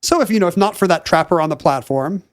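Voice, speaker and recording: A man's voice: high voice, expressive, fast talker, dry recording, studio quality. A man co-hosting a podcast in casual chat, wry and bookish as he riffs. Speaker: podcast co-host.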